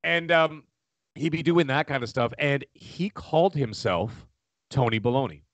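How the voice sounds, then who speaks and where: A man, chatting casually as a podcast co-host, rambling and animated. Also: mid-range voice, a little slow, no echo, muffled recording. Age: 40s. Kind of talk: casual chat.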